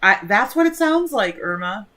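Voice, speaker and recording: A woman from the United States hosting a livestream, chatty and quick to laugh as she reacts to her guest and the chat. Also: on the high side, big pitch swings, sharp tone. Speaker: livestream host.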